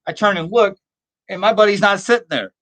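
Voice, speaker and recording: A middle-aged man hosts a casual horror show, wandering through a personal story and viewer comments at an easy, chatty pace. He laughs at his own tales. His voice sits a little high for a man. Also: a little fast, fairly bright tone. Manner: rambling, self-amused, laughs often at own stories.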